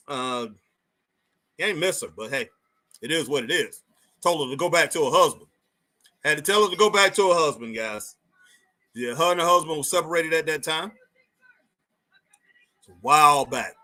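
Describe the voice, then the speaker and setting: Guy hosting a chill stream, talks to chat, says stuff twice, kinda high pitched. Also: animated, normal speed, pauses often, bright, forceful tone. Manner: chatty, repeats phrases, talks to chat viewers. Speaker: live stream host. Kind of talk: casual live wrestling chat.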